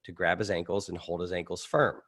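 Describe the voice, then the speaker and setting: A man voicing a brisk female nurse who gives matter-of-fact instructions, as part of a spoken anecdote. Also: low voice, fairly even intonation, fairly bright tone, voice pushed down. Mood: instructing.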